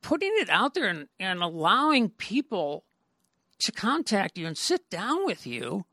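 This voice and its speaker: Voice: medium pitch, huge pitch swings, a little slow, sharp tone, no echo. A podcast host chatting casually with a guest, stammering through many restarts. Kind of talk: casual interview talk.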